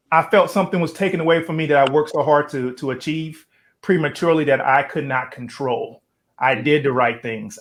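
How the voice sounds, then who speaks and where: A man hosting a talk show, speaking earnestly and reflectively about his own past before asking his guest a question. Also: fairly high pitch. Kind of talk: interview.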